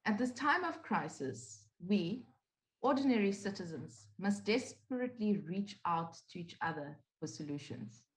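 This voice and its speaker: A woman co-hosting a panel over a video call, delivering a deliberate, earnest scripted address. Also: mid-range voice, animated, reverberant, rough recording. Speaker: co-host.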